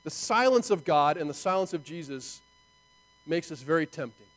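A man preaching a sermon in an animated, conversational way, full of rhetorical asides to his listeners. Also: a little high, normal speed, poor audio. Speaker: pastor.

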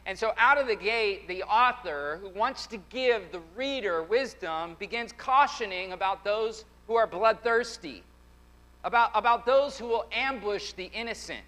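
A man's voice: sits high, lively intonation, normal speed, pushed and bright. A man preaching a sermon as pastor, emphatic, often repeating phrases in a preaching cadence, in a church sanctuary. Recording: long hall reverb.

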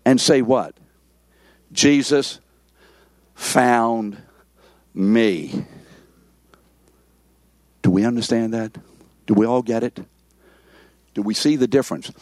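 A man's voice: medium pitch, moderate pace, long pauses, darkish tone, no room sound. A man preaching a sermon, emphatic and repetitive, often calling on the congregation for amens. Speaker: pastor.

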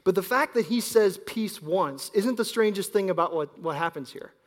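A man in his thirties preaching a sermon as pastor, telling stories and swinging between loud emphasis and quiet asides. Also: sits high, animated, moderate pace. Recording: long hall reverb.

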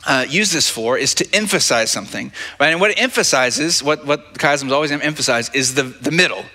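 A man's voice: medium pitch, brisk, bright, forceful tone. A man preaching a sermon as pastor at a church service, talking conversationally, repeating words and asking "right?" often. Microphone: handheld or stage mic.

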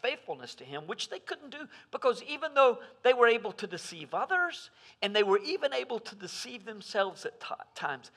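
A man preaching a sermon as pastor, swinging between loud emphasis and hushed asides. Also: extremely high pitch, sing-song, normal speed, slightly rough.

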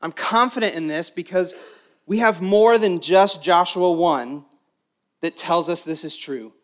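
A pastor delivering a sermon to his congregation, his voice sitting a little higher than most men's. He builds to emphatic, raised lines, then drops to quiet, intimate stretches.

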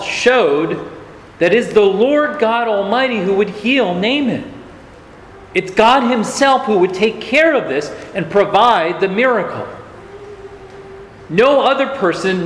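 A man's voice: sits high, fairly bright tone, a little hiss or hum. Male pastor, sermon, earnest and challenging, rhetorical questions, roomy echo, faint ambience. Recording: echoey hall, faint ambience.

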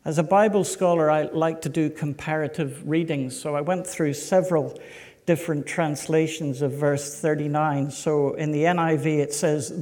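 A man pastor preaching a sermon, slow and emphatic, putting rhetorical questions to his congregation. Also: a little high, fairly even intonation, darkish tone. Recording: echoey hall.

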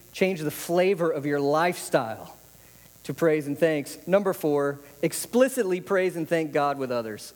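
A man's voice: fairly high pitch, darkish tone, big-room sound, rough recording. A man preaching a conversational sermon, often repeating phrases for emphasis. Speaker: pastor.

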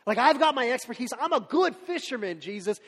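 A man's voice: very high voice, big pitch swings, fairly quick, pitched above the performer's own voice, exaggerated voice. A man voicing an impulsive adult fisherman disciple, blunt and protesting, in a sermon retelling. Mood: stubborn. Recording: long hall reverb.

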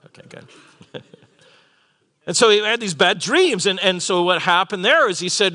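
Bright, somewhat high-voiced male preacher, animated storyteller who acts out the characters, at a conference. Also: moderate pace, long pauses. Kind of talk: sermon. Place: conference hall with live audience.

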